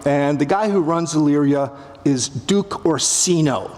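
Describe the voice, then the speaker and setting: This fairly high, slightly mellow voice belongs to a middle-aged man with a Canadian accent who speaks unhurriedly. A literature professor, he's on a theatre stage giving a live audience a wry, humorous public lecture and acting out quotes. Expect a big hall's long reverb and faint ambience.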